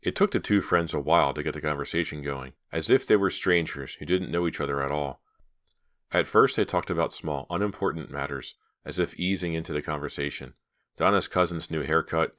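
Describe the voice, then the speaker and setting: A man narrating an audiobook in a steady, measured reading style. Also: very deep voice.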